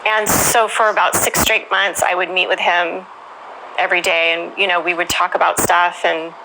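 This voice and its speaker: A woman's voice: fairly low pitch, little pitch movement, moderate pace, pushed and bright, a little hiss or hum, rough recording. A woman being interviewed, frankly recounting her own past in a conversational way, with many "you know"s. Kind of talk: candid personal testimony.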